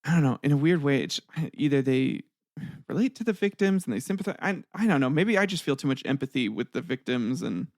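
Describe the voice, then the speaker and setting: A man's voice: fairly high pitch, expressive, a little fast, no room sound, studio quality. A young man hosting his own podcast, rambling casually with lots of fillers and chuckles. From United States. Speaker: podcast host. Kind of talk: casual solo podcast chat.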